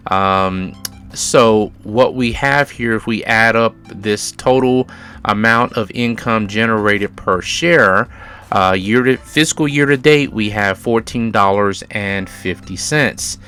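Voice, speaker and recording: A man's voice: fairly low pitch, sharp tone, smooth, faint music behind. A middle-aged man hosting a dividend investing channel, walking through figures in a casual explainer and stressing key words again and again. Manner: slow and deliberate, repeats key words for emphasis. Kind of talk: casual explainer over spreadsheets.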